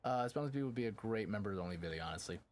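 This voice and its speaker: A man's voice: lowish voice, lively intonation, racing. A young adult man chatting casually on a live stream, rambling and packing his talk with fillers and casual swearing. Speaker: game streamer.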